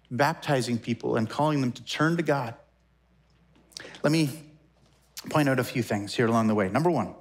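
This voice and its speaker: Animated man in his forties preaching. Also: mid-range voice. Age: 40s. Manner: animated, conversational preaching with quick asides and self-corrections. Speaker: pastor. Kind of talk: sermon.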